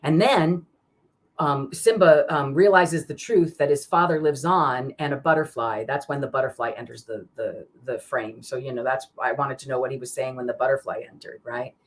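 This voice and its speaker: Woman host, very deep voice, rambling live-stream chat with viewers. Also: normal speed, a little hiss or hum. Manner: rambling, chatty, many fillers and restarts; greets viewers by name mid-sentence. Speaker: card reader hosting a live stream.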